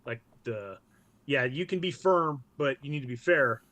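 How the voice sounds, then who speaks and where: A man's voice: medium pitch, animated, normal speed, pushed and bright, no room sound. A man, a military veteran, telling war stories as a podcast guest in a blunt, profane way. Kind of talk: casual podcast interview.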